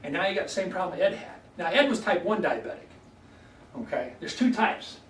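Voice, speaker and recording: A man's voice: sits high, sing-song, a little fast. A man, a chiropractor giving a folksy health workshop to a live audience and often checking in with "okay?". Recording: echoey room, voice from far off, faint background noise.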